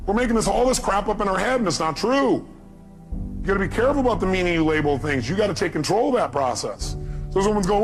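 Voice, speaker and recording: A man delivering a motivational talk with a somewhat raised voice, throwing rhetorical questions at the crowd. He swings from loud, punchy bursts down to quiet, confiding asides. A clear music bed plays under his speech. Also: sits high, lively intonation, fast. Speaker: motivational speaker.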